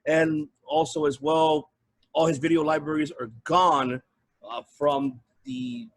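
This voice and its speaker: Hyped podcast host, slightly high voice. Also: male voice, slow, gravelly. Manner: hyped announcer-style intros, loud and emphatic. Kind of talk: casual podcast talk.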